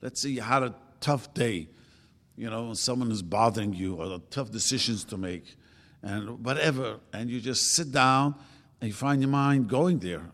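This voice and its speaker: An older man giving an informal religious talk, chatting casually and acting out quoted speech with sudden jumps in pitch. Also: normal speed, fairly bright tone. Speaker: religious teacher. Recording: long hall reverb.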